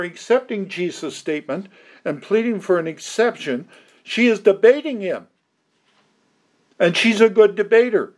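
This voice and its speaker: A man preaching an expository sermon, slow and deliberate, with emphatic stresses and occasional restarts. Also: high-pitched.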